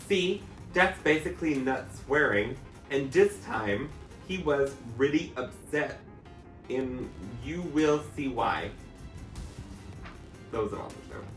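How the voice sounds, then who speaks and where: A man's voice: medium pitch, expressive, takes it slowly, long pauses. A man, a drag performer, giving a campy, comic dramatic reading of a fanfic and breaking into laughter. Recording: echoey room, mic at a distance, faint music.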